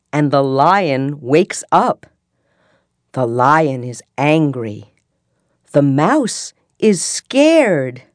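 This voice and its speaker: A woman's voice: low-pitched, dry recording. A woman narrator reading a simple story aloud for learners, carefully enunciated.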